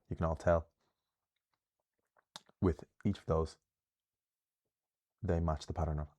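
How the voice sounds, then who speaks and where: Deep, mellow-voiced man teaching pronunciation. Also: flat delivery. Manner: careful, deliberate, slowing down to pronounce words. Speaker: Irish language teacher. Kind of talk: explanatory language lesson.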